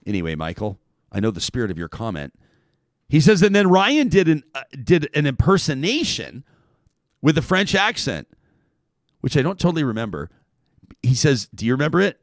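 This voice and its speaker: A man's voice: mid-range voice, no echo, studio quality. A man hosting a talk show, chatting casually and reading out a listener's email. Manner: animated, reads quotes in a raised voice.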